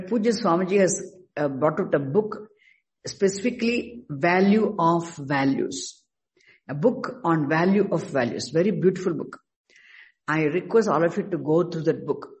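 A man teaching a scripture class, speaking haltingly and stressing key words slowly. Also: high-pitched, rough recording. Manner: halting, restarts words, slow emphatic stresses. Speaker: Vedanta teacher.

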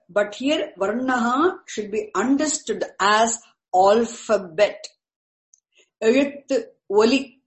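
Woman Sanskrit teacher, very slow, repeats key words, roomy echo. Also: on the high side. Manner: deliberate, repeats key terms, glosses into Tamil. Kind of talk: slow explanatory lecture. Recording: echoey room.

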